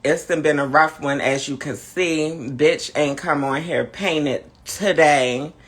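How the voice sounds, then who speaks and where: A camp, sassy host drawling through a casual live-stream chat, tired and low on energy. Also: male voice, slow pace, fairly bright tone, husky.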